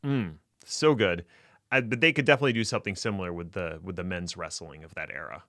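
A man co-hosting a podcast in casual banter, playful and jokey with deadpan bits. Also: sits low, fast, no room sound, studio quality. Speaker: podcast co-host.

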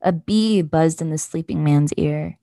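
A woman podcast host reading a children's picture book aloud in a gentle, measured way. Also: sits low, dry recording, studio quality.

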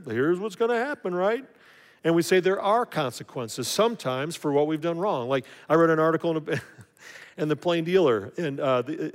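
Male pastor, conversational sermon, slightly high voice, long hall reverb. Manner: conversational, acts out voices of others.

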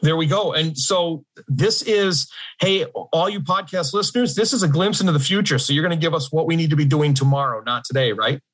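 A man's voice: a little high, brisk, hardly any pauses. A man hosting a podcast interview, reading a guest introduction and then chatting in a friendly, slightly formal way, laughing easily. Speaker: podcast host.

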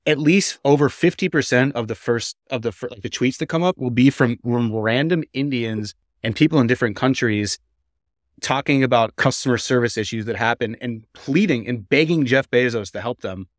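A man hosts a casual podcast in a rambling, conversational way. He restarts his sentences often as he works through a question. His voice sits at a middle pitch and sounds dry and close, with no room around it. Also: moderate pace, dry recording. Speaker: podcast host.

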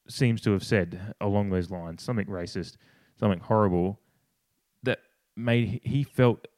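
With a darkish tone and no room sound, a podcast co-host gets passionate in casual, opinionated talk. He swears, begins sentences again and again, and imitates others in a higher voice.

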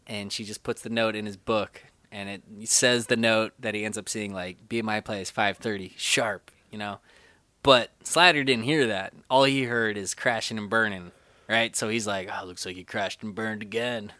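A man co-hosting a podcast, chatting casually about a film and acting out scenes with quick impressions. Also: mid-range voice, smooth, no room sound. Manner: animated, acts out movie scenes in quick impressions. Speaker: podcast co-host.

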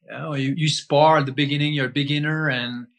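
Interviewed as a guest, a breath-holding teacher explains his subject conversationally in an emphatic, repetitive style, often posing rhetorical questions to himself. His voice is fairly high and fairly bright, a bit fast, with fairly even intonation.

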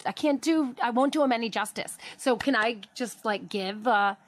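A woman's voice: fairly high pitch, normal speed. A woman co-hosting in casual chat, hesitant and teasing. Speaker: co-host.

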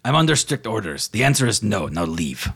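A man's voice: fairly low pitch, big pitch swings, a little fast, vocal fry, fairly bright tone, slightly rough, heavily acted. A man voicing a stern, irritable male vampire officer who speaks in a curt, officious way. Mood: irritated.

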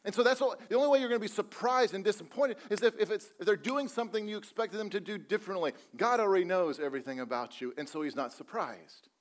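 A man's voice: high voice, quick pace, few pauses. A man preaching a sermon to a church congregation, earnest and repetitive, asking rhetorical questions and telling light jokes. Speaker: pastor. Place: church service.

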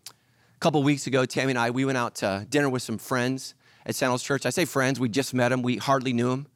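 A middle-aged male pastor preaching a sermon, telling stories and acting out voices with lively energy. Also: medium pitch, a little fast, dry recording, clean studio sound. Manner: animated storytelling, acts out voices.

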